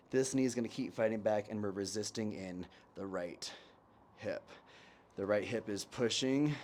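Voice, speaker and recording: A fitness instructor with a lowish voice leads a guided mobility class at home, trying out a new microphone. He gives cues, counts down, and jokes and laughs along the way. There is slight background noise, with a lawn blower running outside.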